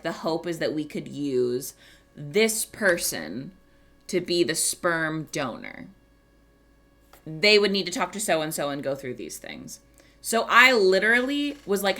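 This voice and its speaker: Slow-talking bright-voiced woman streamer. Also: on the low side. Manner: animated storytelling, swearing and laughing. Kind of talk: casual chat.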